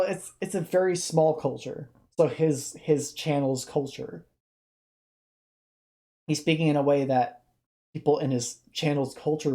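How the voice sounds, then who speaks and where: A mellow, dark-toned voice talking through a reaction video in a tired, subdued way. The speech stops and restarts often as the speaker searches for words, in a casual, unhurried stream. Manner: low-energy, hesitant, many restarts.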